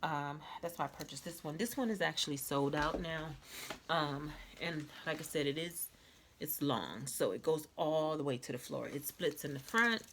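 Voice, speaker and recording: A woman vlogger with a stuffy nose, chatting casually through a clothing haul, repeating herself and filling pauses with "um". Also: low voice, expressive, fairly bright tone, slight background noise. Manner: chatty, repetitive, many fillers. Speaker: fashion vlogger.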